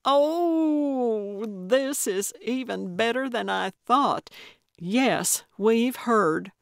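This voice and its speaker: A woman voicing an excitable, eccentric older female amateur sleuth in an audiobook, gleeful about crime. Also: mid-range voice, slow, no echo, studio quality. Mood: eager. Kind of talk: audiobook character voice.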